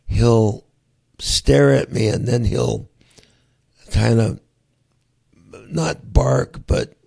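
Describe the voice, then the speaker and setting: A middle-aged man hosts a casual interview, his speech easygoing and a little halting. His voice is deeply gravelly with a husky, raspy edge at a middling pitch. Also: warm tone. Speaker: podcast host.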